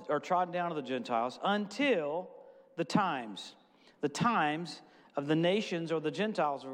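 A man with a high voice preaches to a congregation, weaving casual testimony stories into his sermon. His voice rings out with a long reverb, as in a large church hall. He sounds middle-aged and talks in an easygoing, conversational way. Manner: casual storytelling, quick asides.

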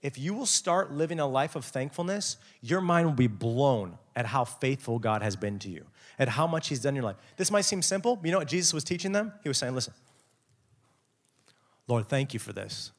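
A young adult man preaching a lively, jokey youth sermon, acting out quotes with big swings in his voice. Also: mid-range voice, a little fast, hardly any pauses. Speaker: youth pastor.

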